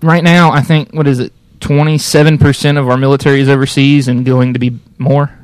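A man's voice: mid-range voice, level tone, brisk, smooth, dry recording. A man in casual conversation, talking in an opinionated, rambling way with many restarts. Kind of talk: casual chat.

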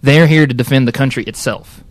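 A man's voice: medium pitch, brisk, dry recording. A man in casual conversation, talking in an opinionated, rambling way with many restarts. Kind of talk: casual chat.

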